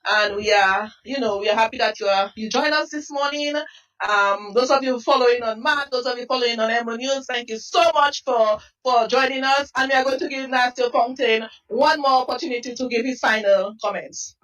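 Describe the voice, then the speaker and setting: A woman reporter hosts a field interview, thanking her guests and guiding them with polite questions. Her voice sits somewhat high. She is picked up from a little way off the mic. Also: fairly quick, a bit bright. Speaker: news reporter. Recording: distant mic.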